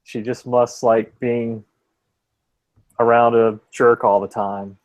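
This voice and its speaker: A man's voice: mid-range voice, flat delivery, slow. A young man on a podcast telling a long, rambling anecdote in casual chat, swearing freely and filling with "like.". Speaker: podcast co-host telling a story.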